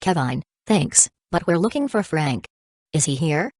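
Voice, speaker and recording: A woman voicing a calm, cool-headed teenage older brother in an audiobook. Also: sits low, a little slow, no echo, clean studio sound, exaggerated voice. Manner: calm, icy.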